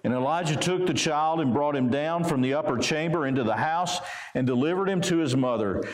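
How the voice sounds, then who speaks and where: A pastor with a Southern US accent reading scripture aloud and explaining it conversationally in a sermon. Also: male voice, a little high, brisk. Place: church sanctuary. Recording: roomy church echo.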